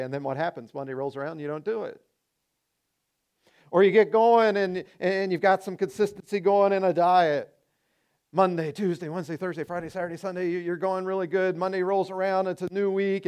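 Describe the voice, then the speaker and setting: High-voiced pastor preaching animatedly. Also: male voice, a little fast, smooth. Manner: animated, acts out people's excuses in shifting voices. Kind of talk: sermon.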